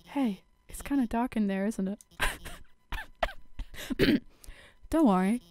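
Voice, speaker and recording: A woman voicing a nervous, nerdy female scientist from a game, reading the lines aloud in an eager, slightly halting way. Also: on the high side, dark tone, voice pushed down, natural voice.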